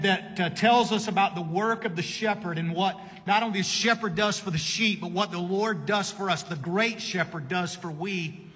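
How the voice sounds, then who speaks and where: High-voiced man preaching in a reverberant hall. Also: fairly bright tone, breathy edge. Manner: earnest, measured preaching with repeated phrases. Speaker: pastor. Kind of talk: sermon.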